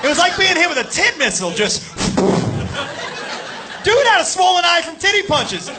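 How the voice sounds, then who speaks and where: A man telling a crude, animated stand-up story on a club stage, shouting his punchlines. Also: very high-pitched, moderate pace, loud music behind the voice. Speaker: stand-up comedian. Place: comedy club stage with laughing audience. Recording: live club recording with crowd noise.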